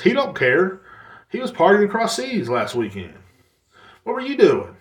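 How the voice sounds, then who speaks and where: Podcast host, young man, mid-pitched voice, sarcastic cursing rant, roomy echo. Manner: swearing, sarcastic, mocks others in put-on voices. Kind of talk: casual ranting monologue. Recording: echoey room.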